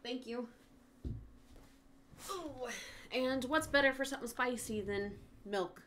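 Slow-talking woman streamer. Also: high voice, fairly bright tone, a little hiss or hum. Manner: chatty, swears often, talks to her pets. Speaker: gaming streamer. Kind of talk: casual livestream chat. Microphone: headset.

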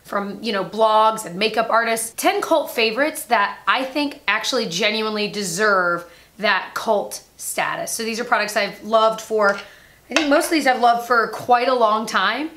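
Bright, bubbly young woman vlogger. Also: on the high side, a little hiss or hum. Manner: bubbly, chatty, talks fast and laughs at herself. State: slightly out of breath. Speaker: beauty vlogger. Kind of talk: casual chat, product review.

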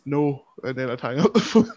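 A man's voice: mid-range voice, big pitch swings, fast talker, a little mellow. Scottish man, podcast guest, rambling jokey chat, self-mocking, muffled lo-fi audio. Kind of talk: casual chat. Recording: lo-fi, dull sound.

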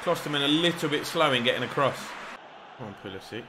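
A young man giving excitable, rambling live commentary over a football video game, shouting encouragement at the players and joking at himself. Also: mid-range voice, quick pace, noisy background. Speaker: gaming YouTuber.

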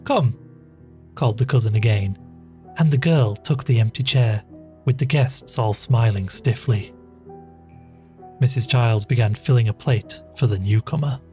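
Faint music sits beneath a podcast narrator, a man of medium pitch, as he reads a classic short story. His delivery stays measured and even throughout.

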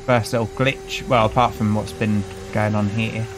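A man's voice: fairly low pitch, fairly even intonation, moderate pace, music in the background, rough recording. A British man casually commentating a gameplay video, chatty and wry, greeting the characters he meets as he plays. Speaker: gaming channel host. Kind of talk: casual let's-play commentary.

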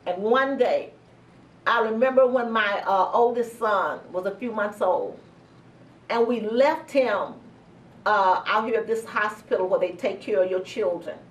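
A middle-aged woman pastor giving a sermon testimony, telling a personal story slowly and earnestly with heartfelt pauses. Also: mid-range voice. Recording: roomy sound from a distance.

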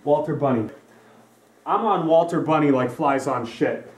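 A man's voice: fairly high pitch, measured pace, reverberant, distant mic. A young man delivering a profane, rambling comedy rant, repeating himself to hammer points. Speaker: comedy vlogger.

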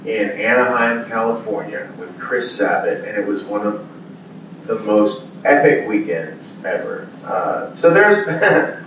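Heard from a distance in a large, reverberant hall over a soft hum of ambience, this man's voice sits on the low side and takes its time. He's a voice actor guest at a convention panel, spinning lively stories in a relaxed Q&A and performing the quoted exclamations of the characters.

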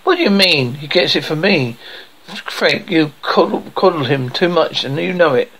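A man voicing a worn-out, reproachful cartoon housewife who scolds her husband. The voice is only lightly changed and sits a little high. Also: expressive, normal speed, a bit bright, rough recording. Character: exasperated middle-aged wife and mother.

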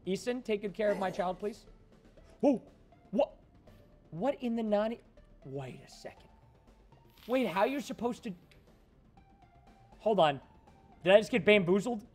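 Excitable high-voiced man streaming a game. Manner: excitable, shouts in frustration, jokey banter. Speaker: gaming livestreamer. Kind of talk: casual gaming livestream commentary.

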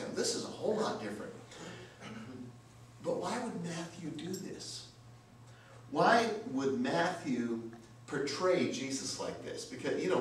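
A man preaches slowly and emphatically, his pitch rising and falling widely as he repeats phrases and asks rhetorical questions. He is heard from a distance in a church sanctuary with heavy echo and a faint noise underneath. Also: animated. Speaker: pastor. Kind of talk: sermon. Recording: very echoey church, mic from afar, faint noise.

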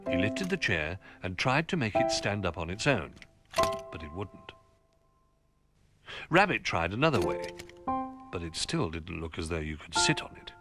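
Lively low-voiced man reading a storybook. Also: moderate pace, long pauses, loud music behind the voice. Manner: gentle, expressive storybook reading. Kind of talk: reading a children's picture book aloud.

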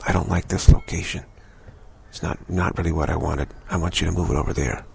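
A man's voice: deep voice, steady tone, fairly quick, creaky, darkish tone, a little hiss or hum. A man doing an offhand, teasing guru. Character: calm male guru, teasing and unbending.

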